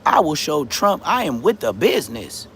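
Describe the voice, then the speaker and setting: A man ranting on a livestream in a loud, combative way, with heavy profane street slang. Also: fairly high pitch, sing-song, moderate pace, a little hiss or hum. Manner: loud, swooping, combative delivery. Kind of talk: heated livestream rant.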